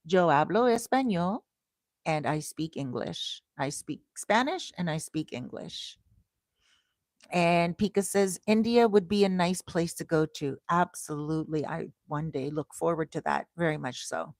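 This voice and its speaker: Slow-spoken woman chatting on a livestream. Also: deep voice, dry recording. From Canada. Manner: slow, deliberate storytelling that turns to bright, excited greetings to viewers. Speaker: livestream host. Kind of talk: casual livestream chat.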